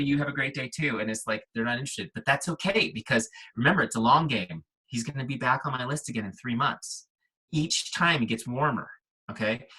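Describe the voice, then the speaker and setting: A middle-aged man as a guest trainer, walking a team call through software in an upbeat, punchy way and checking in with listeners. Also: mid-range voice, slightly rough, rough recording.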